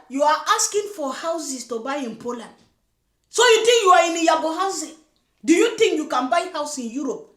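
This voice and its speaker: A woman's voice: sits high, sing-song, moderate pace, reverberant. A woman giving a scolding, preachy reaction commentary. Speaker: commentary vlogger. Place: lives in Germany.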